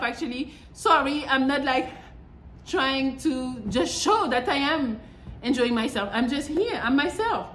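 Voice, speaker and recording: Young woman host, higher voice, blunt and swearing, echoey room with faint background hum. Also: animated, a little slow, a bit bright. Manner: blunt, profane, exasperated. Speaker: podcast host. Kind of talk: casual monologue.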